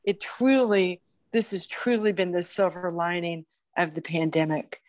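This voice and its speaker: Brief: woman in her 60s, interview guest, halting and chatty, dry close sound. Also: on the low side, no echo. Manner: warm, halting, with many restarts and fillers. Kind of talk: casual interview chat.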